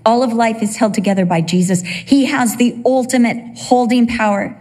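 A woman in her fifties preaches with feeling and expression. Her voice is breathy and husky, pitched somewhat high for a woman. She delivers her sermon with emotion. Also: steady tone, moderate pace, darkish tone.

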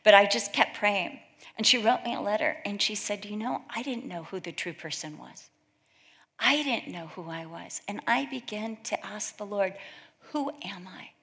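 Middle-aged woman preaching, chatty storytelling, does little voices for quotes, medium pitch. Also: normal speed, a bit bright. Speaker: speaker at a church gathering. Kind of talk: sermon with personal stories.

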